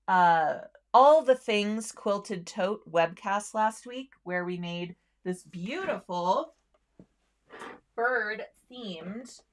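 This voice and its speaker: Slow-talking chatty woman host. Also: mid-range voice. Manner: chatty, friendly, many ums, laughs easily. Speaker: host of a sewing livestream. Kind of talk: casual livestream chat with viewers.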